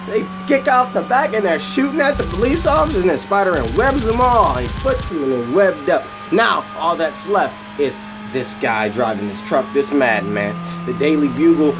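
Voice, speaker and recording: A man hosting his channel, excitedly retelling an action story in long, rambling run-on sentences. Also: a little high. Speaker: channel host. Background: music.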